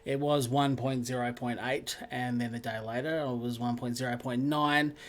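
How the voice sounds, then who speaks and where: A man's voice: medium pitch, fairly even intonation, normal speed. A man hosting a live sim racing stream, chatting casually and greeting viewers by name.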